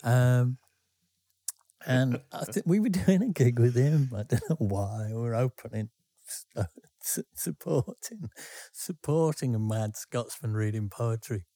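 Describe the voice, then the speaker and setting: A man's voice: medium pitch, animated, a little slow, mellow, no echo. A man hosting a podcast, telling rambling anecdotes with many self-interruptions. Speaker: podcast co-host. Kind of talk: casual storytelling.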